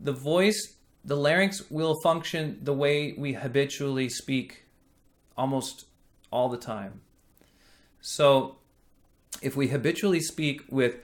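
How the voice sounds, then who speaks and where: A man teaching singing, explaining vocal technique patiently and demonstrating sung vowels. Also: mid-range voice. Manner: slow, patient, thoughtful delivery.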